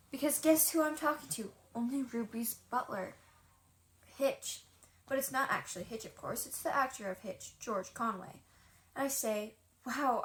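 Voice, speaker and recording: A woman reading a children's audiobook aloud in a chatty, lively first-person voice. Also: a little high. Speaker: audiobook reader.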